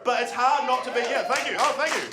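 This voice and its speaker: A man's voice: extremely high pitch, steady tone, fast talker. A young man with a New Zealand accent doing live stand-up comedy, sardonic and sweary, often laughing at his own jokes. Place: comedy venue before a live audience. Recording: loud crowd laughter and room noise.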